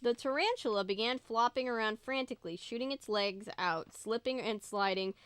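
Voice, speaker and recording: A woman's voice: on the high side, normal speed, a bit bright, clean tone. A woman reading a children's horror book aloud, breaking off for casual asides to her viewers. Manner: casual, chatty remarks to viewers between passages. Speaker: book reader and video host.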